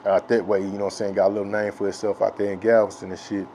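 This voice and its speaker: A man from Texas telling a childhood story in a rambling, profane, filler-heavy way that grows loud and excited with laughs. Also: fairly low pitch, rapid-fire, slight background noise. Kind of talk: casual storytelling.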